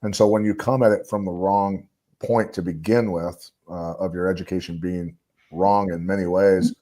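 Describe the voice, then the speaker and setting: A man's voice: low voice, steady tone, normal speed, dark tone. A man talking as a podcast guest, rambling and emphatic, with lots of fillers. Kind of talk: casual podcast discussion.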